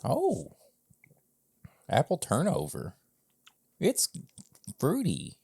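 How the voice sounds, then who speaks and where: A man's voice: a little high, wildly swooping pitch, very slow, vocal fry, mellow, husky, dry recording. A man co-hosting a podcast, chatting in an easygoing way and describing flavors animatedly. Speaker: podcast co-host. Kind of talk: casual chat while tasting whiskey.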